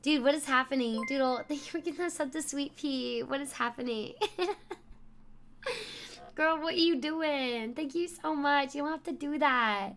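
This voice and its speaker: Excitable high-voiced woman streamer. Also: unhurried. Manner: excitable, exclaiming, laughing often. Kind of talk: live-stream chat, thanking viewers.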